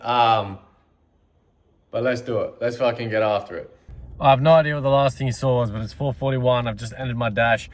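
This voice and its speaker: The young vlogger talks briskly at medium pitch with fairly even intonation. Addressing the camera casually, he stays blunt and profane and sometimes sounds winded.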